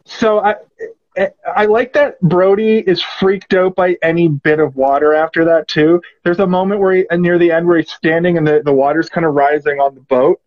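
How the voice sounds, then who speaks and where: A man's voice: on the high side, steady tone, moderate pace, highs cut off. A man hosting a casual movie discussion podcast, rambling with lots of fillers. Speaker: podcast host.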